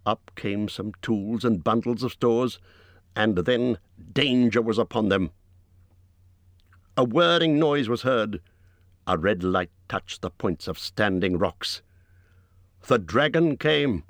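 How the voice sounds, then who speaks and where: A man reading a fantasy story aloud as an audiobook narrator, measured and dramatic. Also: lowish voice, animated, no room sound.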